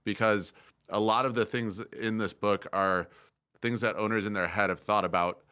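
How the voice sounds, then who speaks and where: A man's voice: fairly low pitch, steady tone, moderate pace, sharp tone, smooth, no room sound, clean studio sound. A man hosting a podcast interview, enthusiastic and agreeable, with many fillers. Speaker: podcast host. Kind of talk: conversational interview.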